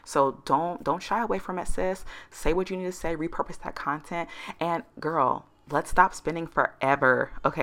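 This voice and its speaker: A woman's voice: deep voice, normal speed, sharp tone. A woman hosting her own podcast, giving casual, emphatic advice. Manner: chatty, emphatic, says "girl" and "like" often. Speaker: podcast host.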